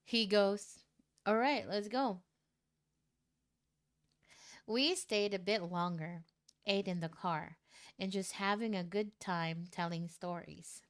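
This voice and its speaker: A woman streamer reading out a viewer's love story in a casual way, breaking into loud, shocked reactions and swearing. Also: fairly low pitch, steady tone, measured pace, smooth.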